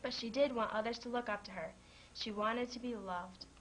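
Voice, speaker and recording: A woman reading a children's storybook aloud in a gentle manner, lightly voicing the characters. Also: on the high side, fairly even intonation, normal speed, a little hiss or hum, rough recording.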